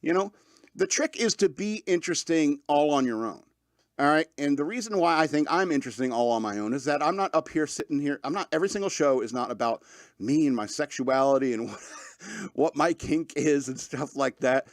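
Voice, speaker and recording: A man's voice: a little high, lively intonation, a little fast, no echo, studio quality. A man in his thirties hosting a podcast, rambling loosely through a casual monologue, joking and laughing often, with lots of fillers. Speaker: podcast host.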